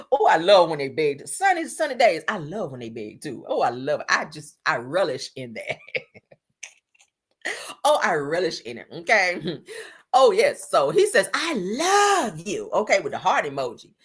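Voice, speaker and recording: A sassy woman gives blunt commentary on reality TV drama, full of swearing and laughter. Her voice is husky and sits fairly low, and her pitch swings widely as she talks. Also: sing-song, moderate pace. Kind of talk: casual commentary on a livestream.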